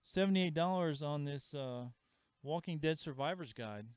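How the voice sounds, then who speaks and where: A man's voice: a little high, moderate pace, darkish tone, clear, resonant tone, dry recording. A man hosting a live sales stream from a comic shop. He chats casually, reads out viewer comments and calls out prices.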